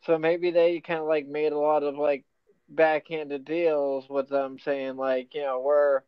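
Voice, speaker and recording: Male panelist with a smooth, flat-toned, hesitant voice over a dull, dry mic. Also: on the high side, dry recording. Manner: halting, many fillers. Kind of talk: casual livestream panel talk.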